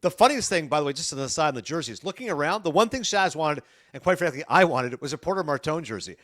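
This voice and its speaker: Middle-aged guy rattling off a story quick, acts out all the lines, pretty high voice. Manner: animated, acts out dialogue in his anecdotes. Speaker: sports broadcaster guest. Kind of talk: podcast storytelling.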